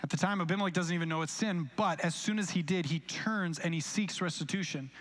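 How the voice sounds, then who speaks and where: A young male pastor delivers a sermon live in a church with a fairly high voice. He talks in a relaxed, conversational way, slipping into quoted voices as he tells stories from his own life. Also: brisk. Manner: conversational storytelling with acted-out quotes. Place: church sanctuary, recorded live.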